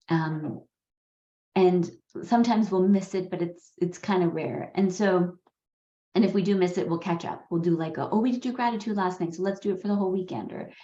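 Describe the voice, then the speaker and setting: A woman in her forties tells a personal story in a candid, earnest way and swears casually now and then. Her voice sits low and mellow. The recording is a little muffled and has an echoey, roomy sound. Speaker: podcast host. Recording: slightly dull, roomy recording.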